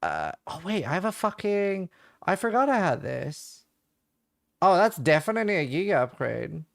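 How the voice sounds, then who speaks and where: A man streaming a video game, commenting casually and excitedly, interrupting himself as he finds items. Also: high voice, normal speed, creaky, no echo, clean studio sound. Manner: excitable, self-interrupting, swears. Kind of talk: casual live gameplay commentary.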